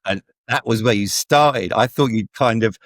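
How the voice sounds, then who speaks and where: A man's voice: fairly low pitch, moderate pace, fairly bright tone, dry recording, clean studio sound. A man in his forties hosting a casual interview podcast, chatty and rambling with lots of asides. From England. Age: 40s. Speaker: podcast host.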